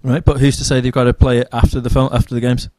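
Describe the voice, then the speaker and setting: Enthusiastic, swearing podcast co-host. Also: male voice, medium pitch, flat delivery, fast talker, mellow, dry recording. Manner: enthusiastic, swears freely, repeats words. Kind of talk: casual chat.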